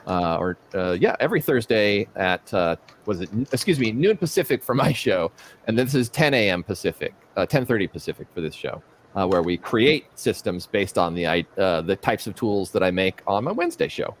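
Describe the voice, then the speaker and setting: A man's voice: fairly low pitch, big pitch swings, normal speed, slight background noise. A man co-hosting a live stream, chatting casually and rambling with jokes and asides. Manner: rambling, jokey, breaks into silly voices and singing. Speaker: co-host of a live art stream.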